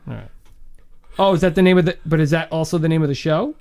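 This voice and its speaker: A man's voice: a little high, fast talker, darkish tone, clean tone. A man co-hosting a casual comedy podcast, rambling through ideas and laughing often. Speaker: podcast co-host.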